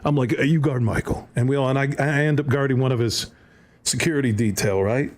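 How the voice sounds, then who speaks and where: A man's voice: medium pitch, brisk, slight background noise. A man on a podcast telling a story with energy and acting out the other people in it. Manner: lively anecdote-teller, acts out voices. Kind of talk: animated storytelling.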